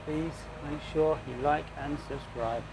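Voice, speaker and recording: A man's voice: fairly high pitch, steady tone, unhurried, background noise. A man, a racing driver vlogging casually with a chatty, self-mocking manner. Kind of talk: casual vlog chat. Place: outdoor race paddock. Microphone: handheld camera.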